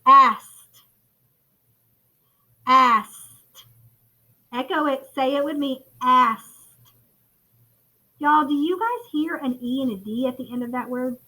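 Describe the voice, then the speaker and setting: A woman from the United States with a high voice talks fairly quickly and hardly pauses as she teaches a first grade phonics lesson. She encourages the children, addressing them as friends, in a roughly recorded classroom session.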